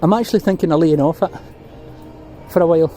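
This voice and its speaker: A man's voice: fairly high pitch, fast, dark tone, slight background noise, rough recording. Rambling middle-aged Scottish man outdoors. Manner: rambling, reminiscing, chatty. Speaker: vlogger. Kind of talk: walking tour vlog. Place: city street outdoors.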